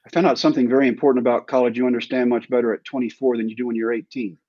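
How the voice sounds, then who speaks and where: As a guest in an interview, this former professional baseball player from Texas recounts his story wryly, often at his own expense. He speaks at a racing pace in a mellow, medium-pitched voice with little pitch movement; the recording is dry, slightly dull and echo-free.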